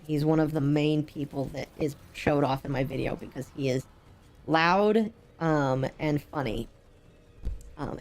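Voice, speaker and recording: A woman with a low-pitched voice talks over a game she is streaming. She rambles with plenty of ums, and she sounds unwell and drained of energy. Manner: rambling, frequent laughs and ums. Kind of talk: casual gameplay commentary.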